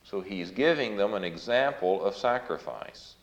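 A man's voice: lowish voice, expressive, moderate pace. A man preaching an earnest, explanatory Bible sermon, reading scripture aloud with emphasis. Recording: roomy, dull lo-fi recording.

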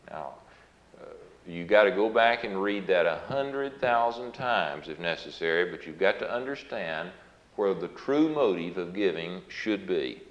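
A very low-voiced man preaches a Bible sermon, explaining each verse earnestly and leaning hard on the scripture he reads out. The recording is dull and lo-fi, with a roomy echo around him.

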